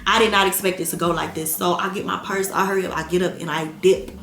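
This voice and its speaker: Animated, profane young woman telling a story. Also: fairly low pitch, fast talker. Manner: animated, blunt and profane, addresses viewers as y'all. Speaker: vlogger. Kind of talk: casual storytime to camera. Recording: echoey room with faint music.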